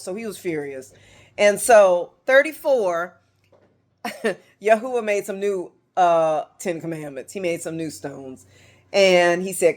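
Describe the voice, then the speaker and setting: An American woman giving an informal Bible teaching to a small group at home, animated, acting out quotes as she talks to the room. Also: fairly low pitch, a little slow. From United States.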